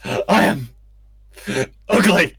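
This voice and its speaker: A man voicing a grieving, scarred male dwarf warrior who stammers out halting pleas. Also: sits high, expressive, fairly bright tone, pitched above the performer's own voice, full character voice. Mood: distraught.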